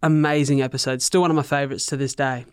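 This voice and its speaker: An Australian man chats as a podcast guest, spinning a story with energy. His voice is smooth and clear, recorded up close in a dry, deadened room. He sits at an everyday middle pitch. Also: fast talker, dry recording. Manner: animated storyteller, acts out what others said. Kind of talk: casual podcast chat.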